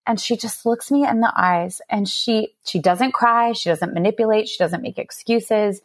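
A woman's voice: mid-range voice, normal speed, hardly any pauses. A woman in her thirties, an author, telling a personal story in an earnest, candid way on a faith-based talk show. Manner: earnest storytelling with frequent laughs. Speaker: author guest. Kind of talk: faith-based podcast conversation.

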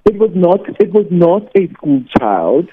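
A man, a teacher and radio host, calling in to tell an animated story and acting out the people in it. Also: high voice, a little slow, breathy edge. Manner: animated anecdote, acts out quoted voices. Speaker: teacher and weekend radio host, phone guest. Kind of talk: storytelling on a phone call. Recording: tinny phone line.

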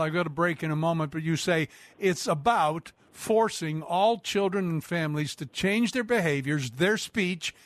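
A man hosting a radio talk show, interviewing a guest and reading sponsor spots in a measured, earnest way. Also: a little high, no echo.

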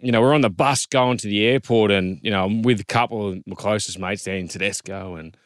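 An Australian man in his thirties, a former rugby league player telling an animated story in casual chat, quoting others in lively voices. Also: fairly low pitch, fairly quick, no echo, studio quality.

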